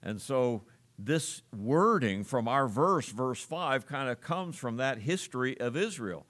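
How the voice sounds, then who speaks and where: Man preaching, earnest and halting. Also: medium pitch, lively intonation, fairly bright tone. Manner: earnest preaching with frequent "uh" fillers. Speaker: pastor. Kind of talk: sermon.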